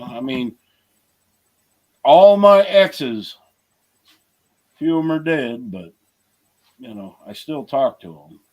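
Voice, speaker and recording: A plainspoken man chatting casually on a live stream. He tells his stories bluntly and without fuss, in an ordinary mid-range voice. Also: medium pitch. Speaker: livestream host. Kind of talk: casual chat.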